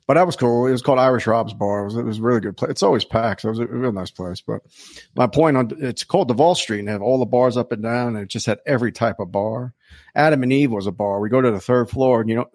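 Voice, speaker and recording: A man hosting a podcast, telling a story in a casual, animated way, swearing freely and acting out the people he quotes. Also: mid-range voice, quick pace, dry recording, clean studio sound. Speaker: podcast host.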